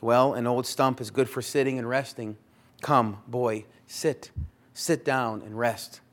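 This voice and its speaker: A man voicing an old, self-giving female tree in a storybook read aloud during a sermon, speaking gently and apologetically. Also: medium pitch, fairly even intonation, takes it slowly, natural voice. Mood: gentle.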